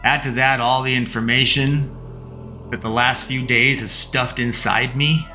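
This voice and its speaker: Male first-person story narrator; slow, measured, bright tone, faint music underneath. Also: medium pitch, steady tone. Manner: slow, measured, with long pauses.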